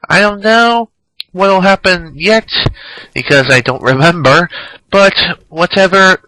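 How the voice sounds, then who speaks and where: A man's voice: sits high, takes it slowly, bright, forceful tone, no echo, low-quality recording. A man giving casual let's-play commentary in a rambling, offhand way, often sighing. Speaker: gameplay commentator.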